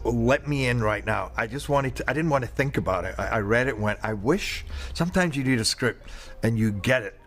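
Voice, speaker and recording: A man's voice: mid-range voice, brisk, soft background music. A middle-aged man in a casual interview, talking animatedly and restlessly about his work as an actor. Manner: animated, restless, jumps into playful quoted voices.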